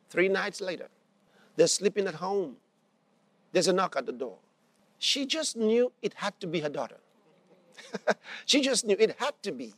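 A man delivers a sermon in a high voice with a gravelly edge. He tells a story and acts out its characters' lines, driving points home by repeating them. The sound is close and dry. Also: no echo. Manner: repeats phrases for emphasis. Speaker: preacher.

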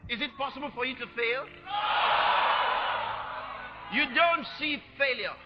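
A male preacher with a very high voice delivers a fiery sermon at a slow, deliberate pace, shouting and hammering phrases again and again. The recording is dull and lo-fi, with faint music behind. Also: over a noisy crowd, very noisy. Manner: shouting, repeating phrases in bursts.

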